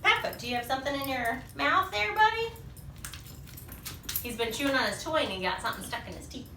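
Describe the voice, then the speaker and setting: A woman reading a picture book aloud to young children, animated and full of sing-song questions, in a small echoey room. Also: high voice, a little fast, long pauses, recorded from a distance, slight background noise. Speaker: children's storyteller.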